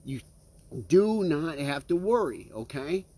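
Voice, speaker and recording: A man with a fairly high, mellow voice preaches slowly yet very animatedly, in an earnest tone. He often begins phrases again and constantly asks his listeners "okay?" and "right?"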